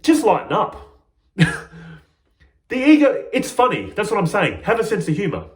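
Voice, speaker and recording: A man's voice: sits high, huge pitch swings, brisk, reverberant. A man speaking as a spiritual teacher in a reflective monologue, playful and often laughing at himself.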